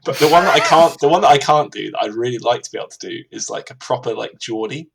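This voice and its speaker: A man's voice: mid-range voice, expressive, fast talker, vocal fry, fairly bright tone, husky. A young man in a casual podcast chat, laughing a lot and joking about himself. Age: young adult. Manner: laughs a lot, self-deprecating. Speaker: podcast co-host.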